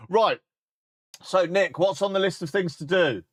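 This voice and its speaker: A man chatting casually on a live stream while coding, joking, swearing and dictating instructions slowly. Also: sits high, slightly rough, no echo, studio quality.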